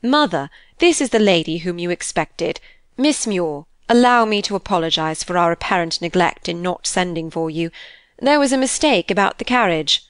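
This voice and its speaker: Woman voicing a kindly young gentleman. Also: lowish voice, lively intonation, moderate pace, clear, resonant tone, no room sound, studio quality, natural voice. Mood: cordial. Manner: frank, cordial.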